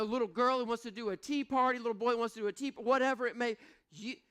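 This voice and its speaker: A middle-aged man preaching a sermon as pastor, telling personal stories in a conversational way that moves between hushed reflection and emphatic points. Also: high-pitched, clean tone.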